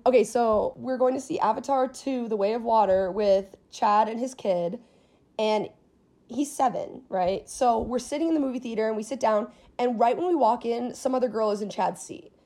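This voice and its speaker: A young woman hosting a podcast, chatting casually and telling stories in an animated way, swearing freely. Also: fairly high pitch, normal speed. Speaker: podcast host. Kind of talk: casual chat.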